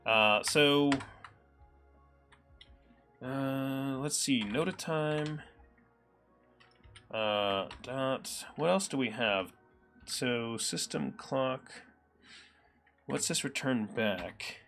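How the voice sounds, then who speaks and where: A man's voice: medium pitch, drawn-out words, pauses often, fairly bright tone. Man, Midwest American accent, live coding stream host, thinks aloud, lots of ums, faint music underneath. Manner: thinks aloud with many ums, reads chat messages aloud. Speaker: livestream programmer host. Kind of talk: casual live coding chat.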